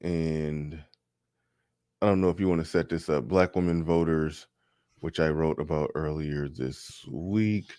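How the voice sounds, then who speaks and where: A man hosting a casual chat, relaxed and amused, moving the show along. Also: extremely low pitch, a little slow, clean tone, dry recording, studio quality. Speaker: host.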